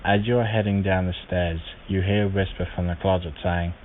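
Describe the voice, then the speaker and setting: A man calmly reading short horror stories aloud as a channel's host, recorded on a tinny, lo-fi mic. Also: sits low, normal speed. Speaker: horror story reader. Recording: tinny lo-fi mic with faint hiss.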